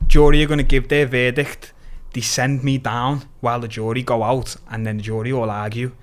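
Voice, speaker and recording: Animated young Liverpool man telling a story. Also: mid-range voice, normal speed. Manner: animated, sweary, slangy storytelling. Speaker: podcast guest. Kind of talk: casual storytelling chat.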